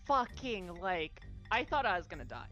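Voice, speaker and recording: Woman co-host, halting storyteller, lowish voice, game music clear behind. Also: very animated, fairly bright tone. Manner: rambling, halting, many fillers and restarts. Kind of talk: casual storytelling chat.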